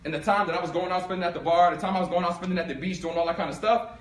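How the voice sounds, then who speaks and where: A young man from Philadelphia giving a storytelling talk to a live audience, animated and acting out both sides of his story. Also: sits high, rapid-fire. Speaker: speaker giving a talk on income. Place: room with an audience. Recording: echoey room.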